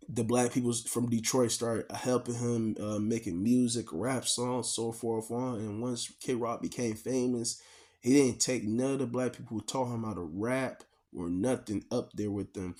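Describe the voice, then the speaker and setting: A man co-hosting a reaction video, talking in an animated, rambling and profane way. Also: medium pitch. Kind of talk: casual reaction chat.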